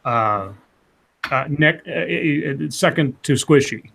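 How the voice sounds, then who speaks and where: A man's voice: fairly high pitch, expressive, takes it slowly, vocal fry, fairly bright tone, husky. A man hosting a casual live-streamed chat show, rambling and hesitant with lots of fillers. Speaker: podcast host.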